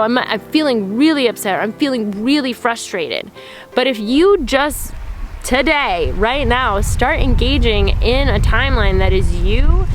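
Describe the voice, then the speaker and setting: Woman, spiritual self-help host, casual rambling talk, lots of fillers, higher pitch. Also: rough recording. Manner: earnest, rambling, many fillers like "like" and "um".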